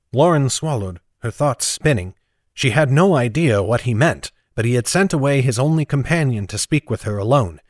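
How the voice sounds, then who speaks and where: A man's voice: mid-range voice, expressive, normal speed, no room sound, clean studio sound. Man narrating a fantasy story. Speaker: audiobook narrator. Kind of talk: scripted narration.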